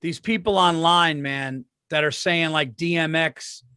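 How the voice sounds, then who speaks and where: A man's voice: fairly high pitch, measured pace, sharp tone, smooth, no room sound, studio quality. A man co-hosting a comedy podcast, chatting casually, agreeing and plugging his shows. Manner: agreeable, plugging tour dates. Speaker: podcast co-host.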